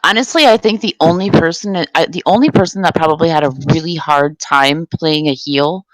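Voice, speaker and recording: A woman's voice: sits low, fairly quick, dry recording, rough recording. A woman in a casual call chat, chatty and laughing, swearing as she talks.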